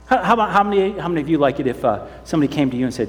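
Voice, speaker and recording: A man's voice: on the high side, sing-song, very fast. A man preaching as pastor, telling a children's story sermon and acting out the characters. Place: church sanctuary. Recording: long church hall reverb.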